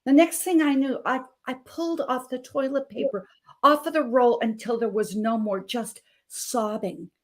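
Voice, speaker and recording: A woman's voice: high-pitched, steady tone, moderate pace. Fervent woman telling her own story. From Montana, USA. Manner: emotional, emphatic storytelling. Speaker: guest health coach. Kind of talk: personal testimony on a talk show.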